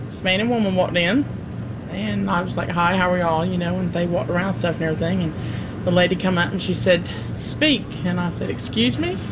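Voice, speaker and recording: A woman from Ocracoke Island with an Ocracoke brogue, telling a story in a rapid, chatty way. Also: fairly low pitch, background noise. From Ocracoke Island, North Carolina. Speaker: interviewee. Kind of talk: casual storytelling.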